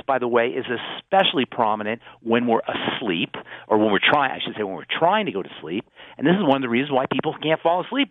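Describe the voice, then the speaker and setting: A slightly high male voice, dryly recorded, belongs to a pharmacist guesting on a radio call-in program. He explains health topics in earnest and keeps restarting phrases, all heard through tinny phone-line radio audio.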